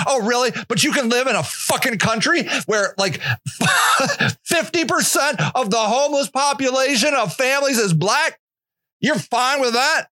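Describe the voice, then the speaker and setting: Man, angry rant, cursing, high voice, swings wildly up and down, dry close sound. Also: lively intonation, a little slow, no room sound. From Northeast Ohio. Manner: profane, furious, shouting. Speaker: podcast host.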